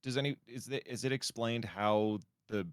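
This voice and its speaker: A man's voice: mid-range voice, normal speed, smooth, no room sound. A man on a podcast, reacting earnestly and with shock in casual chat.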